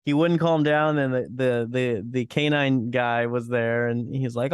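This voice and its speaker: A man's voice: medium pitch, fairly even intonation, unhurried, hardly any pauses, clean tone, no echo, clean studio sound. A man co-hosting a comedy podcast, chuckling and swearing freely in casual chat. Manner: chuckling, swears freely, trips over restarts. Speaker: podcast co-host.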